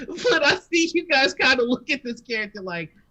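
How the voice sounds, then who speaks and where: A woman's voice: high-pitched, sing-song, moderate pace, sharp tone. An American woman hosting a live stream, chatting casually, laughing often and stammering. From United States. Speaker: stream host. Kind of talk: casual chat.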